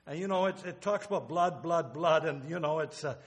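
A man's voice: fairly high pitch, a little fast. An older man preaching a sermon in a church, emotional and rambling, with restarts and asides. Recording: long hall reverb.

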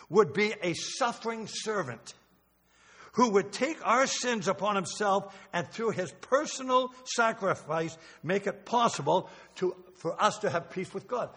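A man's voice: high-pitched, lively intonation, measured pace, fairly bright tone. An older man preaching a sermon in a church, emotional and rambling, with restarts and asides. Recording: long hall reverb.

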